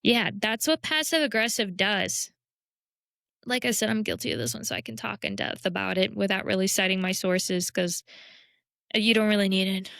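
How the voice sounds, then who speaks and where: A woman's voice: mid-range voice, normal speed, vocal fry, sharp tone, dry recording, studio quality. A young woman hosting a casual self-help talk, candid and self-deprecating in a conversational way. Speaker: podcast host.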